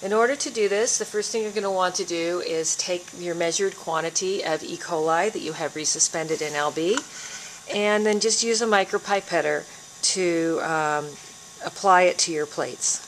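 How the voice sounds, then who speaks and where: A woman giving a calm, step-by-step biology lab demonstration as an instructor. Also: on the low side, normal speed, slight background noise.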